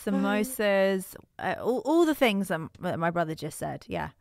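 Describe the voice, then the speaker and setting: Giggly woman, lively pitch. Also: normal speed, no echo, clean studio sound. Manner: bubbly, giggly, expressive. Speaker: podcast co-host. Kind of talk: casual chat.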